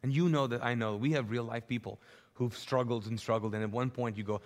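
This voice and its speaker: A male pastor preaching a sermon live in a large church, with animated, repetitive storytelling. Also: mid-range voice, fairly quick. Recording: live church hall with long reverb.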